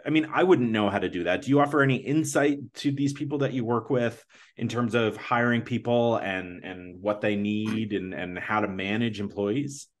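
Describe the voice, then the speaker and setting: A man with a fairly low voice hosts a podcast in an easygoing, chatty way. He rambles a little and often circles back to restart his sentences as he talks. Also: moderate pace. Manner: rambling, self-correcting, chatty. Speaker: podcast host. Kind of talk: casual podcast chat and ad read.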